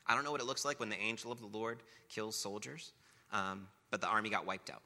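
A man's voice: lowish voice, a little fast, bright, forceful tone. A man preaching a sermon, talking casually between passages of scripture that he reads aloud with emphasis. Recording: long reverb of a large hall.

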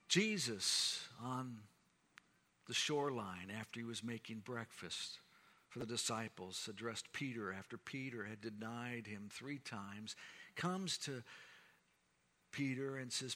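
A man preaching a sermon, measured and rising to emphatic declarations. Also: mid-range voice, pushed and bright. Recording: long hall reverb.

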